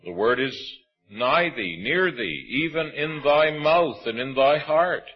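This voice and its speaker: A man delivers a sermon, reading scripture in a husky, measured voice. He slows down to lean on the words he wants to stress. The recording sounds slightly dull and lo-fi. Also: on the high side, animated, soft background music. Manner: measured, emphatic preaching with slow stresses. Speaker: preacher.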